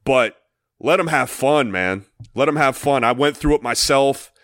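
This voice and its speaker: A middle-aged man co-hosting a sports podcast, telling a youth soccer story in an excitable, profane way and acting out shouting parents. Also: medium pitch, a little slow, no room sound, clean studio sound. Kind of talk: animated storytelling chat.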